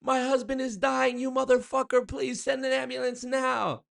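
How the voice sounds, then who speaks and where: A man's voice: very high-pitched, level tone, moderate pace, gravelly, voice pushed up, full character voice. A man putting on a panicked wife begging an emergency operator for help. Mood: frantic. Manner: frantic, pleading.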